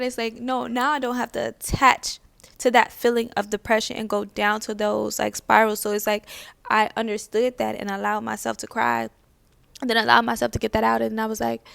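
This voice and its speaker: A woman's voice: fairly high pitch, fairly even intonation, brisk, vocal fry, fairly bright tone, dry recording. A young woman talking casually to camera about self-care, asking many questions and repeating phrases. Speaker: spiritual vlogger. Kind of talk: casual reflective talk to camera.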